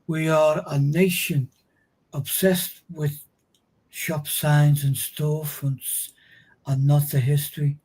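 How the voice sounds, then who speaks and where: A man's voice: a little high, little pitch movement, slow, darkish tone, husky, poor audio. A man hosting a live stream chat, often restarting and repeating words as he thinks aloud. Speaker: host.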